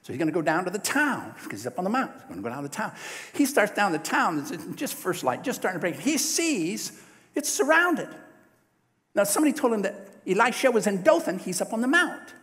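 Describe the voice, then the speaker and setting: A man's voice: high voice, brisk. Guy preaching a sermon, swoopy storytelling voice, keeps asking the crowd stuff, big echoey church. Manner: lively storytelling, asks the congregation questions. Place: church sanctuary.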